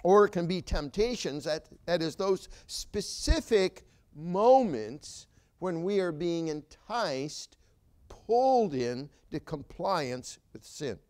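A male pastor preaching a sermon in church, emphatic, with rhetorical questions and frequent filler pauses. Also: high voice, sing-song, a little mellow. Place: church sanctuary.

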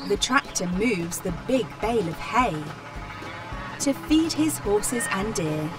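Slow woman reading a farm story. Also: medium pitch, big pitch swings. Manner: slow, clear, plain reading with animal sounds. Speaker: storybook reader. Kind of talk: children's story narration. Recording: voice from a distance, music behind. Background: children's music.

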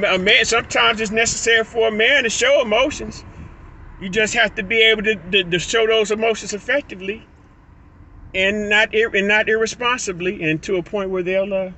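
A vlogger from Illinois films himself on his phone while driving, his high-pitched, sharp voice rambling through stuttered restarts and laughing asides. It's a casual monologue recorded from inside the car, and the low-quality audio carries a slight hiss or hum.

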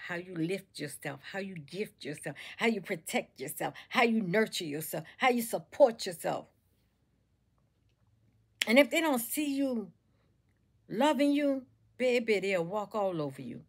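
A woman's voice: mid-range voice, animated, unhurried, a bit bright. Woman, motivational speaker, preachy repetition. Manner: preachy, repetitive, calls listeners baby and y'all. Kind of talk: motivational talk to camera.

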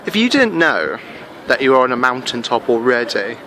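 A man chatting casually in a travel vlog, excitable and full of fillers, filming himself indoors and then outdoors on a handheld camera. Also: medium pitch, normal speed, a faint crowd. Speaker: travel vlogger. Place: hotel room, then outdoors at a castle.

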